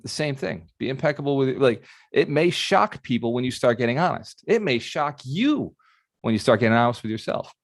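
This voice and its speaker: A man speaks as a real estate mentor, giving a motivational talk to people on a video call. He keeps asking the audience questions in an animated way. His mid-pitched voice sounds dry and close to the webcam. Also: brisk, dry recording.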